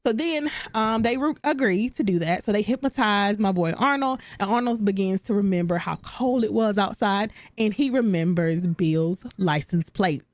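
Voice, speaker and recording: A woman's voice: mid-range voice, normal speed, hardly any pauses. Chatty woman recapping a sitcom. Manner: chatty, animated, talks straight to viewers. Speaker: recap host. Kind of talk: casual recap commentary.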